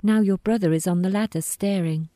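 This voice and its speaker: A woman reading a first-person story aloud in a quiet, wry, deadpan manner. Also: medium pitch, brisk, dry recording. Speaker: narrator.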